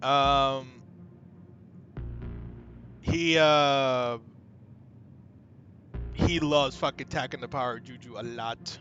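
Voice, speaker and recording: A young man streaming a video game, chatting casually with his viewers, excitable and swearing often. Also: medium pitch, extremely slow, pauses often, muffled recording, faint music behind. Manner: excitable, swears a lot, talks to chat. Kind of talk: casual gaming stream chat.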